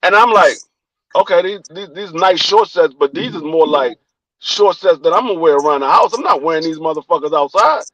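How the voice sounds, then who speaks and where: A young man with a high, light voice and a D.C. accent, telling a long story on a podcast. He acts out the quoted lines of each person, with plenty of swearing. The recording is close and dry, with no room sound. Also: brisk, no room sound, poor audio. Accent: Washington, D.C. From Washington, D.C. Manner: animated storyteller acting out quoted dialogue, profane. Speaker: podcast co-host. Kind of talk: casual chat, storytelling.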